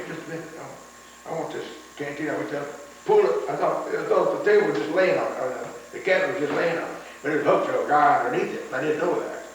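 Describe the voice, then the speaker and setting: An older veteran man tells rambling wartime stories, repeating words and acting out what others said. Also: fairly high pitch. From United States. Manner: rambling storyteller, repeats words, acts out quotes. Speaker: veteran interviewee. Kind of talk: oral history recollection. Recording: echoey room, distant mic, faint noise.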